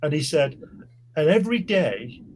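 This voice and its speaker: A man's voice: fairly high pitch, very animated, moderate pace, a little mellow. Man, podcast host, casual storytelling, repeats himself, faint noise behind. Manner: rambling, repeats words, laughs often.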